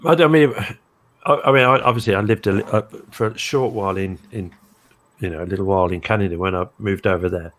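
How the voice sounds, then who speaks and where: A man from Britain chatting casually on a live stream, an old-fashioned talker who tells lively stories. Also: low voice, quick pace. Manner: self-described old-fashioned, lively storyteller.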